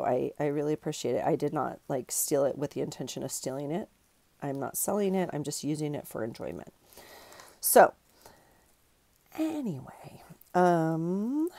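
A middle-aged woman hosts a craft channel, her low, creaky voice warm in tone with no echo. She chats casually while crafting, rambling and giggling and correcting herself as she works.

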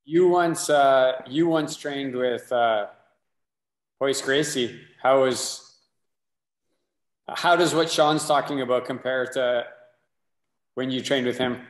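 A man's voice: mid-range voice, slow pace, long pauses, echoey room. A man co-hosting a martial arts podcast on a video call, chatting and asking follow-up questions. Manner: conversational, asks follow-up questions. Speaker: podcast co-host. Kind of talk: casual conversation on a video call.

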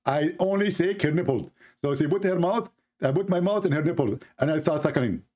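A man's voice: on the high side, fairly quick, darkish tone, voice pushed up, natural voice. A man mimicking a self-assured male preacher. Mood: earnest. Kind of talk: mocking impression on a live stream.

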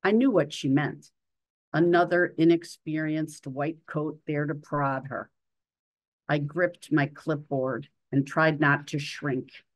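A woman in her sixties reads her own story aloud, measured and literary. Her voice sits low and moves slowly and deliberately. The sound is dry and close. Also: dry recording. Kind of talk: reading a personal story aloud.

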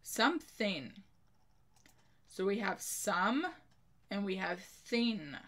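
A woman slowly teaching a spelling lesson to children, spelling each word letter by letter in a careful manner and giving an example sentence. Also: medium pitch.

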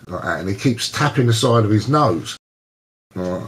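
An English man hosting a casual online chat, telling lively anecdotes and slipping into voices for the people in them. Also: lowish voice, normal speed, a little hiss or hum. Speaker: host.

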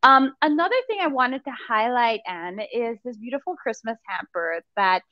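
A woman's voice: a little high, animated, normal speed, no echo, dull audio. A woman chatting casually and enthusiastically about food and a holiday gift hamper. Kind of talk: casual video-call chat.

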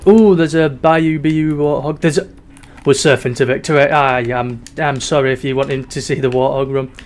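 He speaks at a moderate pace with medium pitch and fairly even intonation, while faint music plays behind him. This young gaming YouTuber keeps up casual, sweary chatter during play, alternating mock despair with giggles.

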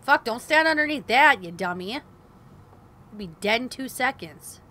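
High, bright-voiced woman gaming streamer. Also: animated, normal speed. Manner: frustrated, swearing, talking to herself and viewers. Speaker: gaming video host. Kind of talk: live gameplay commentary.

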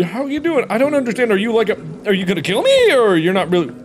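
A man commentating a horror game, excitable and jumpy, with loud reactions and swearing. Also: high voice, quick pace, hardly any pauses, a little hiss or hum. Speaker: gaming host. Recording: game music in background.

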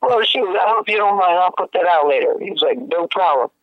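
Man, high-pitched, slangy and laughing, dry close sound. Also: fairly quick, dry recording. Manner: animated, laughing, slangy and profane. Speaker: guest musician. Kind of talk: casual storytelling chat. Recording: dry, tinny phone-like sound.

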